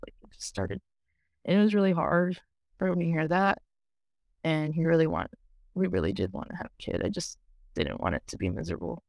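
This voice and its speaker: A woman's voice: low-pitched, big pitch swings, brisk, creaky, long pauses, darkish tone, no room sound, clean studio sound. A woman talking candidly in an interview, rambling and filling her talk with "you know" and "like". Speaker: program client sharing her story.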